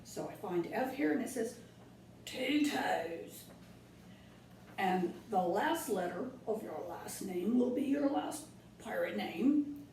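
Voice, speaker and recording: A woman's voice: medium pitch, a little mellow. A woman hosting a children's craft lesson in a playful pirate persona, telling corny jokes and giving step-by-step instructions. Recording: echoey room from a distant mic with faint noise.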